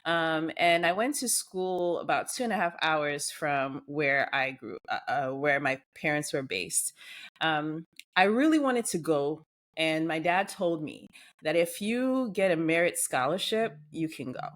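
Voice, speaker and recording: A woman from Nigeria with a Nigerian accent, a surgeon guest telling her story in a podcast interview with quick, animated delivery and frequent fillers. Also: deep voice.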